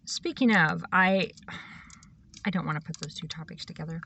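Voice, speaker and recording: Bright, blunt, swearing woman ranting. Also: fairly low pitch, normal speed, gravelly, slight background noise. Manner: blunt, profane, emphatic ranting. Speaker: self-described psychic and reverend. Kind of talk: rambling monologue.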